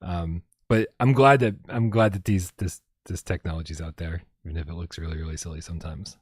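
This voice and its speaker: A man's voice: low-pitched, fairly even intonation, fairly quick, husky, no room sound, clean studio sound. A man hosting a casual gaming livestream, reading viewer comments, laughing and swearing freely and often stumbling over his words. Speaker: podcast host.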